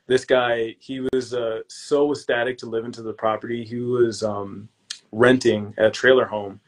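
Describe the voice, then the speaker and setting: A young man who is a podcast guest and real estate investor, chatting casually and telling lively stories in relaxed, slangy speech. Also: mid-range voice, normal speed. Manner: relaxed and slangy, calls the hosts "bro"; lively storyteller who acts out his own past lines. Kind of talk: casual interview chat.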